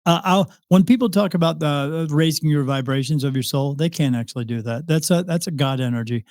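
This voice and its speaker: A man's voice: a little high, fairly quick, darkish tone, dry recording, studio quality. A man, a psychic medium, telling a long story as a podcast guest, rambling with restarts and acted-out dialogue. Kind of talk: casual interview storytelling.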